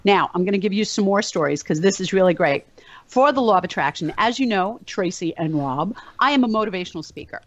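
A woman talking casually to a group as a motivational speaker, telling animated stories with plenty of fillers. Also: medium pitch, brisk, no echo. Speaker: motivational speaker and meetup organizer. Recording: dull, dry lo-fi sound.

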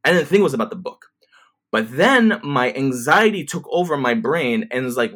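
A man's voice: mid-range voice, big pitch swings, fairly bright tone. A man in his twenties telling a story to camera in a casual, rambling way, with swearing and many restarts. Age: 20s. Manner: fast, rambling, profane retelling with many restarts.

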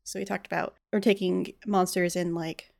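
A woman hosting a podcast in casual chat, chatty and quick to laugh, often trailing off and restarting her sentences. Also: lowish voice, little pitch movement, vocal fry, a little mellow, dry recording, clean studio sound. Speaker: podcast host.

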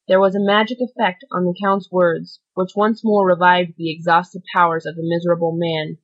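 Low-voiced woman reading an audiobook. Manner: steady, measured reading. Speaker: audiobook narrator. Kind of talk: scripted narration. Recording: dull lo-fi recording.

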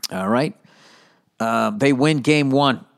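A man in his fifties hosting a solo comedy podcast, rambling through profane, animated stories full of asides. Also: medium pitch, takes it slowly, vocal fry. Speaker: podcast host.

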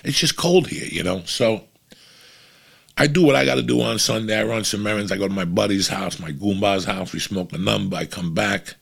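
A man's voice: on the low side, moderate pace, creaky, fairly bright tone, husky. A man, a comedian telling a long story in a profane, rambling, casual way.

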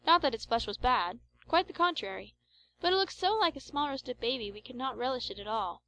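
A woman reads an old adventure novel aloud in a measured, expressive way. Her voice sits a touch high, and she keeps a steady storytelling rhythm. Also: low-quality recording. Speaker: audiobook narrator. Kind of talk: scripted audiobook narration of an adventure novel.

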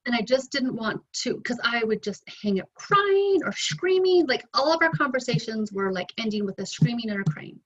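A middle-aged woman speaks as an interview guest in a fairly high voice, candidly recounting past conversations and voicing both sides herself. The recording sounds dull and lo-fi. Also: expressive, normal speed, hardly any pauses. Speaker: interview guest, bereaved mother. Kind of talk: emotional personal storytelling.

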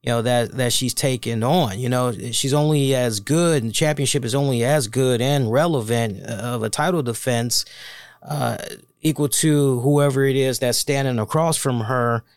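Casual, swearing man with a smooth voice. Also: medium pitch, normal speed, no room sound. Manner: animated, swears freely, addresses listeners as y'all. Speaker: wrestling show reviewer and host. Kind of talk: casual solo review talk.

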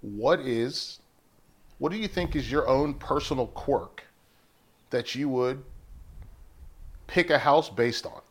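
A man chatting casually as a podcast co-host, voice sitting in a middle register. He rambles through stories and breaks into high-pitched laughs. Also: takes it slowly, pauses often. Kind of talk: casual chat.

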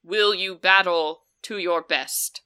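An ancient lake spirit made of water speaks in measured, solemn questions, as a woman puts her on. The voice is low and slow, with a bright edge, and every word lands as a command. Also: fairly even intonation, smooth.

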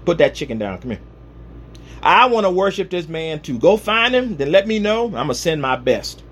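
A man's voice: a little high, big pitch swings, moderate pace, fairly bright tone, a little hiss or hum. A man voicing a sly, jealous king coaxing wise men in a comic sermon retelling.

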